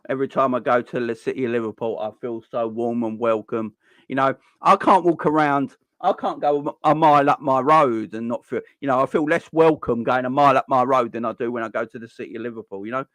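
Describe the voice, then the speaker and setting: Guy ranting about football stuff, keeps repeating himself, mid-pitch voice, dry close sound. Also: dry recording. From London. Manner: heated, repetitive, stammering restarts, rising to near-shouts. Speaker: football channel host. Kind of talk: passionate ranting monologue.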